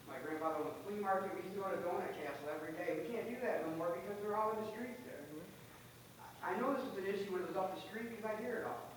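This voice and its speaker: A man's voice: sits high, quick pace. A man speaking as a resident at public comment in a council meeting, agitated and emotional, restarting his sentences. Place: council chamber. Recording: far-off mic in an echoey chamber, faint noise.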